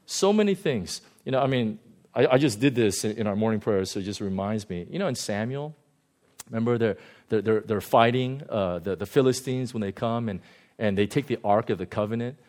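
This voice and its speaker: A male pastor giving a conversational sermon, animated and often chuckling. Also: lowish voice, fairly quick.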